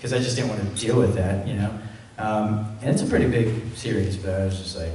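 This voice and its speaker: A man's voice: lowish voice, a little fast, few pauses, a little mellow. A man at a fan Q&A, rambling through anecdotes in a loose, chatty way with plenty of "like". He is heard from far off across a big echoing hall. A faint hiss sits under the sound. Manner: chatty, fills with "like", acts out quotes. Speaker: convention panel guest, voice actor. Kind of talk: casual storytelling at a fan Q&A. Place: convention panel room. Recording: very echoey hall, voice far from mic.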